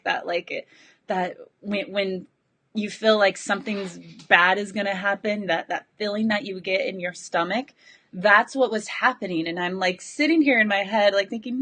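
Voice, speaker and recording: A young adult woman, out of breath, talking to her followers in an excited, rambling way about coaching clients. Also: medium pitch. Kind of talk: live video chat to followers.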